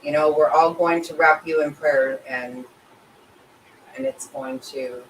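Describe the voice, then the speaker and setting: Her low-pitched voice is steady and unhurried as this middle-aged woman hosts a casual livestream, reading chat and answering viewers. She rambles emotionally and sympathetically, restarting often. The recording is rough and roomy, captured from a distance, with faint ambient noise in the background.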